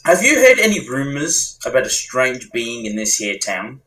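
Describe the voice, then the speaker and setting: Dnd player guy, blunt deadpan jokes, sharp bright voice, mid pitch. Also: moderate pace, low-quality recording. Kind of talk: casual tabletop role-play.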